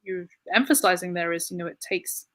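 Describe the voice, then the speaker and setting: A woman's voice: on the low side, a little fast, fairly bright tone, dry recording. A woman hosting a casual interview chat, easygoing and opinionated, often saying "you know". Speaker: interview host.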